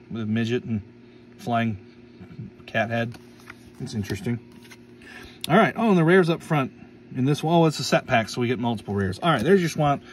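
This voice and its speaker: A man's voice: mid-range voice, recorded from a distance. A man's voice, set a little back from the mic, chats playfully while he tears open card packs and reads out what he pulls. He stumbles over names and laughs them off. A faint hum of room noise sits behind him. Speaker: card-opening YouTuber. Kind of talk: casual pack-opening commentary.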